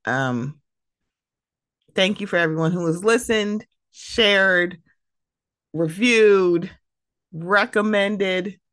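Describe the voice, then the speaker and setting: A woman hosting her own podcast in a casual, animated, emotional way, laughing often. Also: mid-range voice, drawn-out words, pauses often, dry recording, clean studio sound. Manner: animated, laughing, emotional, mimics friends' voices. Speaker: podcast host. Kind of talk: casual solo podcast talk.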